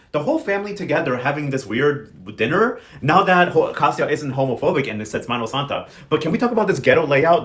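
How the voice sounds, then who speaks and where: A young man breaks down a soap opera episode in a chatty vlog recap. His voice sits slightly high for a man. His delivery is sassy and full of slang, like gossiping with friends. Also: fairly bright tone.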